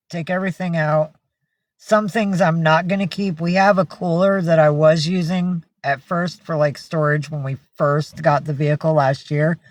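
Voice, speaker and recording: A woman's voice: on the low side, no echo. A woman chatting casually on a livestream, greeting and thanking viewers by name and cooing at her pets. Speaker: livestream host.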